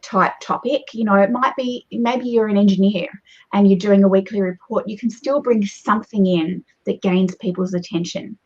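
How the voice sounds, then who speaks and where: Husky woman telling stories. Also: mid-range voice, moderate pace. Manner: animated storyteller, lively shifts in pace and loudness. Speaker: guest, presentation coach. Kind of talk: conversational advice. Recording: dull, muffled lo-fi audio.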